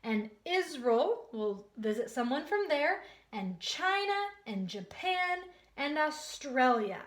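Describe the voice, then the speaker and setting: A woman teaching a social studies lesson to young children, leading call-and-response repetition in a slow, sing-song way. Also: sits high, very animated, a bit bright, echoey room.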